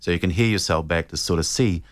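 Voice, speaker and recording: Deep-voiced New voice coach. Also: male voice, fast talker, dry recording. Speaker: voice and presentation coach. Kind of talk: radio interview answers.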